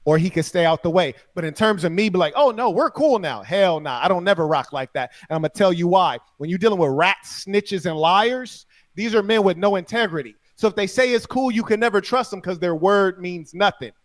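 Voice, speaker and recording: A man with a high voice speaks in a boastful, threatening way, tagging his lines with quick questions. The sound is close and dry, like a clip from an interview. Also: dry recording. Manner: boastful, threatening, tag questions like "you heard me".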